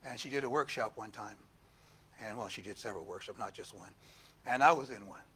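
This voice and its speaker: An older man preaching a storytelling sermon as pastor, animated and laughing, acting out quotes in a raised voice. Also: fairly low pitch, fairly quick, slightly rough.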